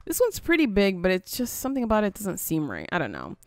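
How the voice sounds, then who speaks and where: A woman's voice: mid-range voice, huge pitch swings, fast talker, no echo. A woman casually commentating as she plays a building game, thinking aloud with frequent little laughs. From US, near Canadian border. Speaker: gaming video host. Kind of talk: casual let's-play commentary.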